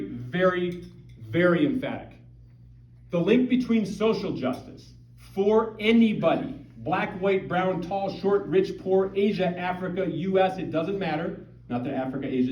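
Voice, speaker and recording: A man's voice: high voice, darkish tone. A middle-aged man from Montana giving a conversational, emphatic public talk to a parish audience, full of rhetorical questions. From Montana, USA. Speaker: guest speaker at a parish. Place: parish hall or church. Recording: dull, roomy, distant hall recording.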